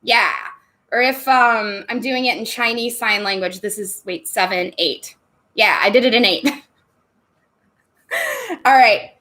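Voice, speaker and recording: A bubbly woman talks casually to her livestream viewers. Her voice sits a little on the high side, and she laughs easily and chats freely. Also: measured pace, long pauses, bright, forceful tone. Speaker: livestream host. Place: home room.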